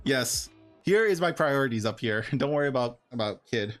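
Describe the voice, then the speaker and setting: Male streamer at a middle pitch, rambly and excitable with frequent laughs, soft music playing underneath. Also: normal speed. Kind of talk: casual livestream chat while opening cards.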